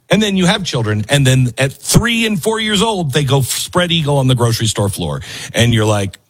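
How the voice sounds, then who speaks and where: A man delivering opinionated commentary with a lively, up-and-down delivery. His voice has a husky edge, and he hammers his points home by repeating them. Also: medium pitch, moderate pace. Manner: emphatic, lively, repeats lines for stress. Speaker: commentary show host. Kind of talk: opinionated commentary over a played video.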